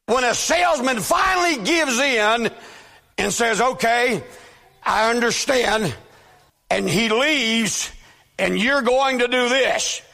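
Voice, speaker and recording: Male preacher, very high gravelly voice, bright and tense, slow deliberate delivery, emphatic shouting, long church hall reverb. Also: expressive. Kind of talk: sermon.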